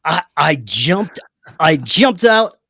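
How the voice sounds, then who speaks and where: Male podcast guest, animated storyteller, swears, restarts a lot; slightly high voice, dry sound. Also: takes it slowly, creaky, slightly rough, no echo. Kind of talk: conversational storytelling.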